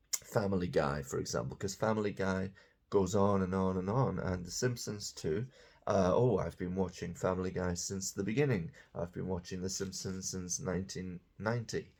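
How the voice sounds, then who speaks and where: Man, English grammar lesson, low husky gravelly voice, patient explanations. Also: darkish tone. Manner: explains patiently, repeats example sentences, checks in with "okay?". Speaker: English teacher.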